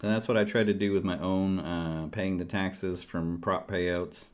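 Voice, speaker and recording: A man's voice: low voice, fairly even intonation, measured pace. Chatty man livestreaming to viewers. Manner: rambling and chatty, talks straight to viewers; self-deprecating, jokey. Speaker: livestreaming futures trader. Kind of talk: casual livestream chat.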